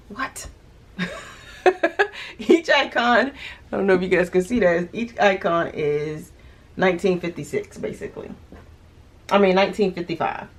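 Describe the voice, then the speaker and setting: A woman's voice: on the low side, slight background noise. A woman vlogging casually about paying off her debt, thinking aloud with restarts, little laughs and a touch of hiccups. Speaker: budgeting vlogger. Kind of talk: casual vlog talk to camera.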